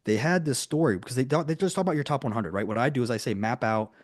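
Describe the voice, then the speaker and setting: A man running a live online coaching lesson for business owners, talking in an energetic, chatty way with many asides. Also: mid-range voice, rapid-fire, no echo, clean studio sound.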